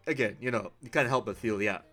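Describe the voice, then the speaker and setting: A man co-hosting a podcast, chatting casually about films with relaxed, dry jokes. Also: lowish voice, quick pace, soft background music. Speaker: podcast co-host. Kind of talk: casual film chat.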